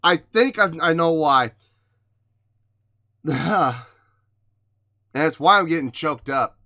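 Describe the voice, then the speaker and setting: A man gives casual reaction commentary on music, in a bright, forceful voice that sits a little high for a man. He speaks with emotion and exclaims often, and he sighs and restarts his sentences as he works through his thoughts. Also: lively intonation, slow.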